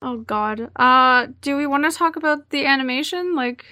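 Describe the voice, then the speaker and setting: Higher-voiced woman host, soft and hesitant. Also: moderate pace, no echo, studio quality. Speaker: podcast host. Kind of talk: casual chat.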